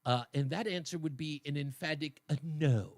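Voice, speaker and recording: A man's voice: fairly high pitch, moderate pace, no echo. A man hosting a talk radio show, delivering a colloquial opinion monologue with mocking asides into a studio microphone.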